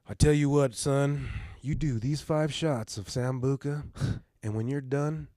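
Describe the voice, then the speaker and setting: A man voicing a wily old biker who speaks calmly and with a slow drawl, close to his own voice. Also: medium pitch, dry recording, close to an everyday voice. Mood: sly. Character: wily old male biker, calm and sly.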